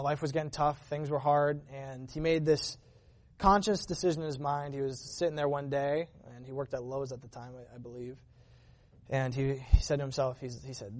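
Man telling a personal testimony, slightly high voice. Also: a little mellow. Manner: earnest, conversational, with frequent restarts and fillers. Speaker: church member giving a testimony.

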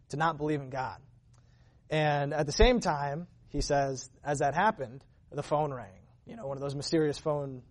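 Man, slightly higher pitch, earnest conversational church testimony with frequent restarts. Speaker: church member giving a testimony. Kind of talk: personal testimony storytelling.

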